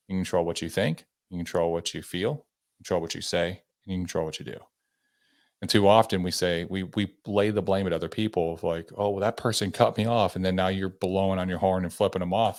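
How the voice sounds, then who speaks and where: A man hosting a podcast interview, talking earnestly and repeating words as he works through his thoughts. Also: sits low.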